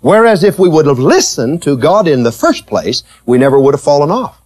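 A man preaching a sermon, teasing and questioning his listeners, with slow, emphatic delivery that rises and falls. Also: on the high side. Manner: animated, teasing, asks the congregation questions.

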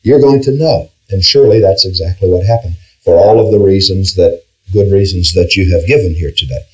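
A man's voice: sits low, brisk, darkish tone, dull audio, soft background music. A man teaching an interactive Bible class, asking his group questions and stressing key words, with frequent restarts. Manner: questioning, emphatic, with frequent restarts and "all right".

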